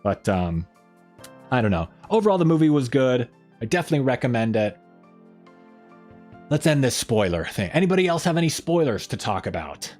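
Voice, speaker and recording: A man's voice: medium pitch, very animated, fairly quick, long pauses, darkish tone, faint music behind. A man hosting a casual live stream, rambling along and reading viewer comments aloud.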